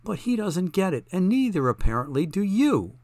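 A haughty, volatile society woman, played by a man, who speaks in sharp, indignant bursts. Her voice sits well above the reader's normal pitch and comes across loud and forceful. The sound is dry and close. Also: sing-song, moderate pace, no echo.

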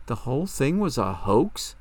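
A man's voice: mid-range voice, sing-song, normal speed, darkish tone, no echo. A man voicing a perceptive psychic woman in an audiobook, questioning coolly and accusingly. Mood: probing. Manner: probing, cool and accusing.

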